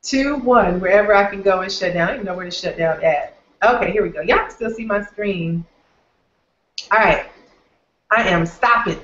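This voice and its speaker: A woman's voice: medium pitch, normal speed, long pauses, a bit bright. A woman with a Southern accent, hosting a live online training and signing off to viewers in an upbeat, folksy way from her office. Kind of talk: live webinar sign-off. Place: office, alone. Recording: very echoey, distant, dull lo-fi.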